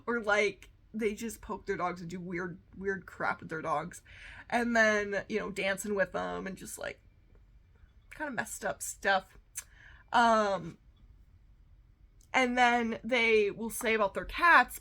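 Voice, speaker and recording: Bright, sassy woman rambling on a podcast. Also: mid-range voice, takes it slowly, long pauses. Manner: rambling, sassy, lots of fillers. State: amped up on coffee. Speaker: podcast host. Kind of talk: casual solo chat.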